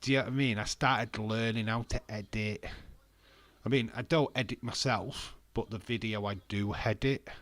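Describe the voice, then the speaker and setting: A man's voice: fairly low pitch, fairly even intonation, moderate pace, a bit bright, dry recording. Rambling man with a stuffy nose. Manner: self-deprecating, rambling, laughs often. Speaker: wrestling streamer. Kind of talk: casual live-stream chat.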